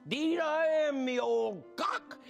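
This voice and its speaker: A man puts on a jolly old Newfoundland fisherman with a slow, rolling drawl that swings high and low. The voice is pushed well above his natural pitch. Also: animated, gravelly, faint music behind, exaggerated voice. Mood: jovial. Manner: drawling, jovial, high put-on voice. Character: old salty male fisherman at a drinking ritual.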